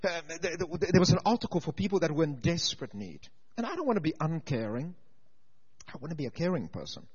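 A man preaching a sermon with stories and humor, swinging from loud emphasis to quiet intensity. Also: fairly high pitch, sing-song, fast, breathy edge, long reverb tail. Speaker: pastor and teacher. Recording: dull lo-fi sound.

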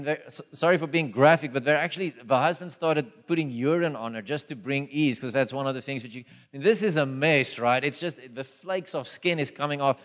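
A man preaching a sermon, telling stories lively and acting out the voices in them. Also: a little high. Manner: animated storytelling, acts out dialogue. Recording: long reverb of a hall.

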